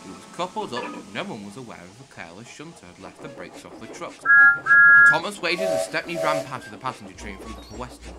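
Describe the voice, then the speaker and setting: A man's voice: mid-range voice, quick pace. Man narrating a storybook over music. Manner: animated reading. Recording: loud music under the voice. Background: loud background music.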